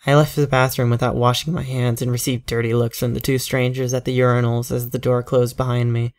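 A man's voice: mid-range voice, flat delivery. Man reading a horror story aloud. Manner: measured, tense, first-person storytelling. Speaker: narrator.

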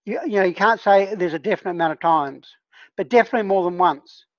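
A woman's voice: on the low side, quick pace, dry recording. Woman, plant medicine facilitator, casual teaching talk, earnest, on a dull lo-fi call line. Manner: earnest, conversational, often checks in with "right?". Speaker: plant medicine healer leading a discussion group.

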